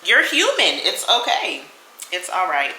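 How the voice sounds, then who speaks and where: A young woman vlogger telling a storytime in an animated, sassy way, talking straight to the listener. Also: lowish voice, unhurried, reverberant, a little hiss or hum. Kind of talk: storytime vlog.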